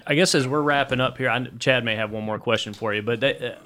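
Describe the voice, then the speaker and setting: A man's voice: mid-range voice, quick pace, sharp tone. A man co-hosting a podcast, asking rambling questions full of fillers. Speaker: podcast co-host. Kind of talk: casual interview.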